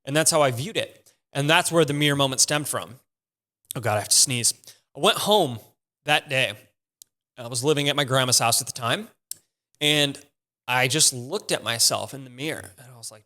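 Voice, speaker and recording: A man's voice: mid-range voice, expressive, a little fast, sharp tone. A young man hosting a podcast, telling a personal story in a casual, profane and emphatic way. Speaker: podcast host.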